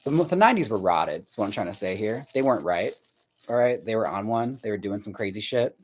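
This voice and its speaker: On a livestream where he paints dolls, this man talks fast in a voice on the low side with lively intonation. He's chatty and foul-mouthed, laughs often, and rambles while trying to recall things aloud as he chats with viewers.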